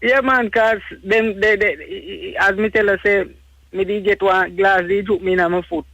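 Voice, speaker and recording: A man's voice: high-pitched, steady tone, unhurried, creaky, pushed and bright, no echo, low-quality recording. A Jamaican man calling into a radio show, rambling and defensive. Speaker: caller. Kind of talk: phone-in talk.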